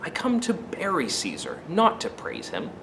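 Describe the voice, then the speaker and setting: A man voicing a grieving Roman orator, reciting his funeral speech in a soft, measured way. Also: sits high, wildly swooping pitch, a little hiss or hum, exaggerated voice, poor audio. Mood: hushed, persuasive. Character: grieving Roman orator, male, quietly persuasive.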